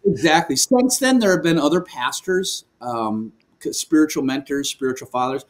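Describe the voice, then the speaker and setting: A man speaking as a guest in a remote video call interview, telling a personal story with lively energy, frequent laughs and restarts. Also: on the high side, normal speed. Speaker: guest, worship leader. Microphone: video call microphone.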